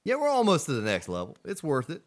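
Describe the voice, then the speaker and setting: A man's voice: on the high side, huge pitch swings, fast talker. A man streaming a survival game, chatting casually with viewers and greeting them by name. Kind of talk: casual gameplay commentary.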